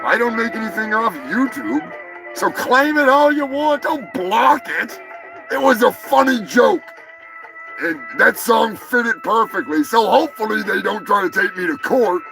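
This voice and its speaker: A man hosting a live stream, rambling crude jokes and shouting greetings to chatters. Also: high voice, lively intonation, a little slow, poor audio. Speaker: live show host. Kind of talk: crude casual livestream banter. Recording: music playing behind the voice.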